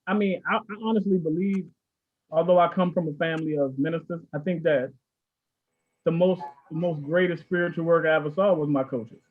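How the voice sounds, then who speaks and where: A man's voice: on the high side, fairly quick. A man from Baltimore hosting a casual talk, telling stories with animation and acting out the people in them. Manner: animated, acts out quoted people. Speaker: host. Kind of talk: casual storytelling. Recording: tinny phone-like line.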